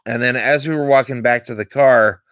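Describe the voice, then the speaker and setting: A man's voice: mid-range voice, brisk, fairly bright tone, dry recording. A man rambling through candid stories in a late-night livestream monologue, close to his desk mic. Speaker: streamer.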